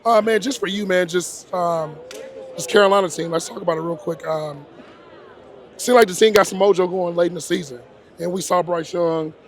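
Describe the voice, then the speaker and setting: A man's voice: high voice, moderate pace, crowd noise. A young man from Texas hosting a casual sports interview, upbeat and jokey, saying "man" a lot. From Texas, Dallas area. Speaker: interviewer, host.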